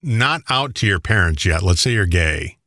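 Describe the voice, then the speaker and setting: Man, co-host, teasing jokes, bright tone, dry close sound. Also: sits low, expressive, no room sound. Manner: teasing, quick jokes, big laughs. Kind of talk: casual chat.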